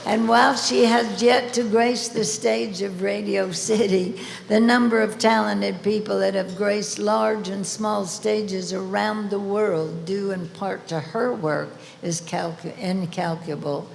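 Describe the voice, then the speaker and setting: A woman presenting an award at a ceremony, reading a deliberate introduction with playful asides. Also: mid-range voice, steady tone, gravelly, darkish tone, a little hiss or hum. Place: large event hall. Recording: echoey hall with faint ambience.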